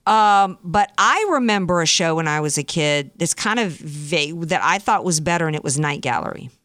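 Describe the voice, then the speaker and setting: A woman hosting a talk radio show, giving opinionated commentary in a sarcastic, animated way into a studio microphone. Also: sits low, normal speed, no room sound.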